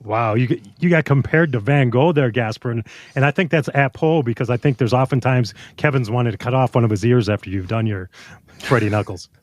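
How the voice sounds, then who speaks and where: A man co-hosting a podcast who chats casually and makes quick wisecracks. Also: medium pitch, dry recording. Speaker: podcast co-host. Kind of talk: casual chat.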